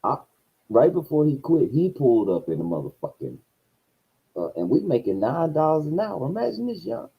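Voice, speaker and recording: Man, casual storyteller on a livestream, husky, profane, dull lo-fi audio. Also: sing-song, moderate pace. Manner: profane, swings between low mutters and loud outbursts. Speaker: streamer.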